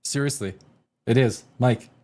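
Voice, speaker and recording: A man's voice: medium pitch, measured pace, dark tone. A man hosting a casual live-stream TV review, rambling and exasperated, with sarcastic asides. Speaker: TV show reviewer, host.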